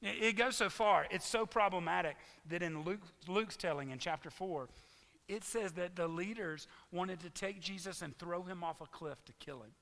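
A man preaching a sermon as pastor, animated, acting out the townspeople's words as he tells the story. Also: high voice, moderate pace, gravelly. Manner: animated storytelling preacher, voices the crowd's lines. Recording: long reverb of a large hall.

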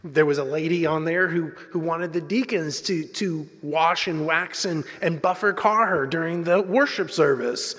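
A man's voice: fairly high pitch, moderate pace, hardly any pauses, fairly bright tone. A male pastor delivering an earnest, conversational sermon in a church, sometimes restarting his phrases. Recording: long reverb in a large hall.

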